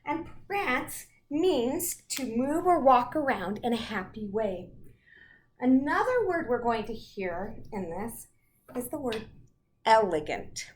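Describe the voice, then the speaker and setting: A woman gives a storytime phonics lesson for young children. Her voice sits a little high, and she talks slowly, pulling each word apart into its separate sounds. The recording is roomy and echoey, with a faint hiss underneath. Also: big pitch swings. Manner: slow, segments words into sounds. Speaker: storytime teacher. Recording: echoey room, faint noise.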